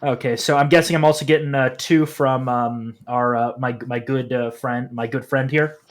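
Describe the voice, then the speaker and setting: A man's voice: mid-range voice, steady tone, normal speed, a little hiss or hum. A man playing a tabletop game, describing his character's actions with hesitant restarts. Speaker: player.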